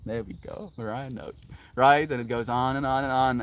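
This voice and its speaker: A man's voice: medium pitch, normal speed, no room sound. A South African man musing dreamily as a live streamer, reading chat comments and laughing often.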